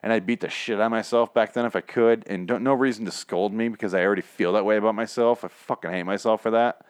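A man's voice: fairly low pitch, steady tone, fast, clean tone, no room sound, clean studio sound. A man running a solo podcast, recapping a TV episode in a rambling, profane, self-mocking way.

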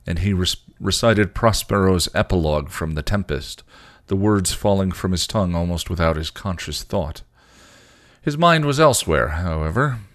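A man, a podcast host, reading a story aloud in a lively narrating voice. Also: low voice, no echo, clean studio sound. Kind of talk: reading fan fiction aloud.

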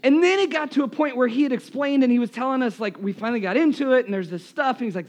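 A man's voice: very high voice, fast, few pauses. A man preaching a sermon in a church, telling funny stories about himself, speaking into a live microphone while losing his voice. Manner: animated, self-deprecating storyteller. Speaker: pastor. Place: church, in front of a congregation.

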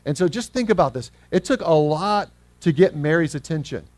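Male pastor, fairly high voice, earnest and animated, close dry mic. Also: no echo. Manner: earnest, acts out scripture quotes; slows down when reading scripture. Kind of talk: sermon.

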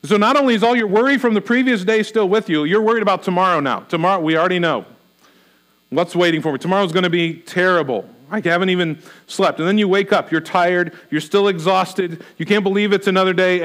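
A man's voice: high-pitched, fairly bright tone. A middle-aged man preaching a sermon as a pastor, earnestly voicing a string of anxious questions before turning to teaching.

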